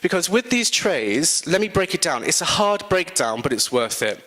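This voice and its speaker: British male designer, self-mocking and lively, slightly high voice, echoing hall. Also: moderate pace. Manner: chatty and animated, with self-mocking asides. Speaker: designer giving a guest talk. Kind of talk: casual presentation to students. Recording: long reverb in a hall.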